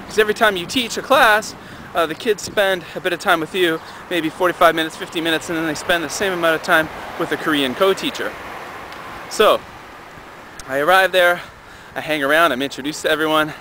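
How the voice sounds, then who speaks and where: A young man in a vlog telling a personal story in a casual, animated way, acting out the dialogue. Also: fairly quick, noisy background. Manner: animated, acts out dialogue with raised pitch.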